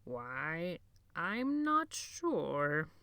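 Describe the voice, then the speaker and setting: A frail, gentle old librarian, as a woman reader puts him on, talking in a hoarse near-whisper. His words come slow and halting, drifting dreamily from phrase to phrase, as in a spoken storybook. The sound is close and dry. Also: fairly low pitch, very animated, dry recording, exaggerated voice. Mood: wondering.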